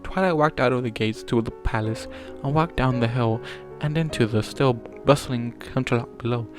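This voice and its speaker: A man reads a fan story aloud at an ordinary, middle pitch. His reading is plain, with small stumbles he corrects on the fly. Faint music runs behind him. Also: normal speed. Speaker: fanfiction reader.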